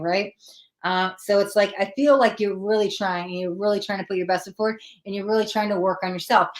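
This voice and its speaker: A woman hosting a live psychic tarot reading, chatting with viewers and talking through the cards as she pulls them. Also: medium pitch. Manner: chatty, animated, acts out quoted voices. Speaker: tarot reader.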